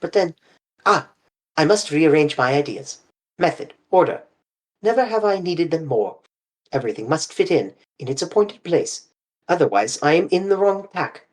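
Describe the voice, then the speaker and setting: A reader voicing a fussy, sharp-minded older male detective who asks precise, probing questions. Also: medium pitch, expressive, normal speed, pitched above the performer's own voice, natural voice. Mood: musing.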